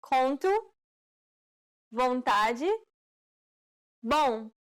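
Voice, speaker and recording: Very slow high woman modeling words. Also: a bit bright, rough recording. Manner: carefully enunciated single words. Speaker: pronunciation model speaker. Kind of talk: slow word demonstrations.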